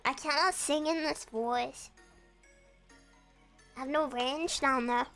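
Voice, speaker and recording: A woman's voice: sits high, slow, fairly bright tone, faint music behind. A young woman chatting casually and playfully with her viewers on a stream from her room. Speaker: VTuber streamer.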